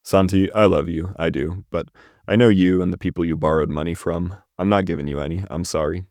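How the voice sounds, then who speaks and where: Casting: a man voicing a stern, blunt ex-convict, low voice, read straight. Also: fairly even intonation, brisk, a little mellow, no room sound, natural voice.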